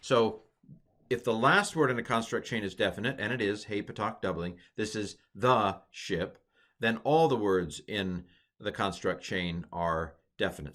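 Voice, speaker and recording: A man's voice: lowish voice, animated, unhurried, a bit bright. A middle-aged man teaching a recorded grammar lesson, explaining casually with chatty asides and restarts.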